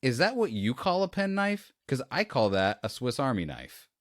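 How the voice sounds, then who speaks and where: A man co-hosting a podcast, chatting casually about a movie and retelling scenes in a rambling, animated way. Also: medium pitch, moderate pace, no room sound, clean studio sound. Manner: rambling, animated retelling with quoted lines and laughs. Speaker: podcast co-host. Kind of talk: casual movie review chat.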